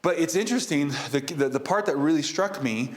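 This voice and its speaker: A man's voice: on the high side, lively intonation, fairly quick. A man hosting a podcast, casually recapping a movie in a rambling way with many fillers. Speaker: podcast host.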